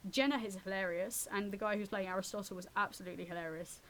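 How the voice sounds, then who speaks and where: A woman actress and comic chatting as a radio interview guest, telling stories with lively acted-out asides. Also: medium pitch, slight background noise. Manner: quick, animated storyteller who acts out quotes. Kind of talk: casual radio interview chat.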